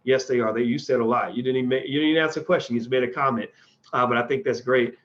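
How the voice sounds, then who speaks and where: A man's voice: medium pitch, fairly even intonation, racing, fairly bright tone. Blunt, rambling man on dull lo-fi audio. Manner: rambling and conversational, with frequent restarts; blunt and opinionated. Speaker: livestream host answering viewer questions. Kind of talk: casual livestream Q&A.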